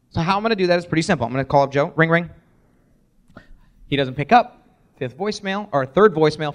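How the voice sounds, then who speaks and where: A man presenting a live sales workshop, energetic, acting out sample voicemails as he teaches. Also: high-pitched.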